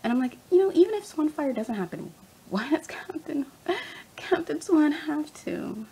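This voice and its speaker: A young woman ranting casually as a fan vlogger, animated and rambling, laughing often. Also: high-pitched, moderate pace, poor audio. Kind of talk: casual rant.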